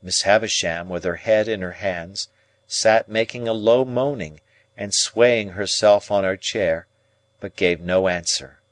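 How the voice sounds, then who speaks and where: A man narrating a classic novel as an audiobook, in an unhurried, expressive storytelling manner. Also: fairly low pitch, no echo.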